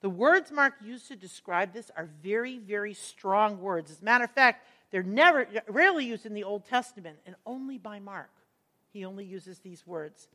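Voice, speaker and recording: A woman teaching a Bible passage, earnest and emphatic, slowing down to stress key words as she explains the verses. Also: medium pitch, lively intonation, a bit bright.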